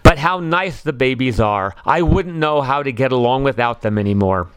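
A man voicing a kindly, fatherly elephant king who speaks in a gentle, measured, courteous way. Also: medium pitch, lively intonation, smooth, natural voice.

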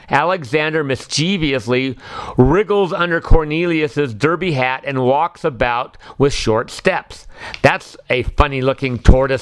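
Man, children's story narration, expressive reading, smooth clear voice, dry close sound. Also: fairly high pitch, no echo.

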